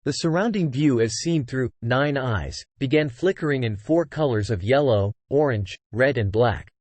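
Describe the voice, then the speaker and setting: A man reads a fantasy novel aloud in steady storytelling. His pitch moves up and down a lot. The sound is dry and close, with no room echo. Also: normal speed. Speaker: audiobook narrator. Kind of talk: scripted novel narration.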